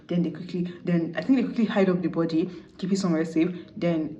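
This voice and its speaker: Fast, chatty woman. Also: on the low side, darkish tone. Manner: chatty, full of "like", acts out the dialogue. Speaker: movie recap vlogger. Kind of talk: casual movie recap. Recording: slightly distant, dull audio.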